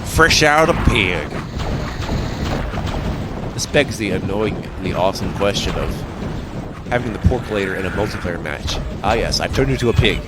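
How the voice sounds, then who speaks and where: A man's voice: deep voice, brisk, very noisy. A man giving casual let's-play commentary as a gaming channel host, rambling and joking, swearing now and then, recorded on a desk microphone. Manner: rambling, jokey, swears, breaks into silly sing-song. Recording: loud game music behind the voice.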